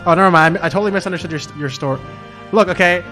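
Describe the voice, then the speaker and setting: A man's voice: high voice, rapid-fire, bright, forceful tone. A man streaming a game, chatting loosely and self-mockingly, swearing often. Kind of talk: casual game let's-play commentary. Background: background music.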